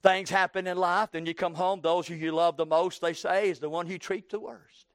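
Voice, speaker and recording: A man in his sixties preaching a sermon, slowing down for emphasis and breaking into loud acted quotes. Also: high voice, fairly even intonation, no room sound, clean studio sound.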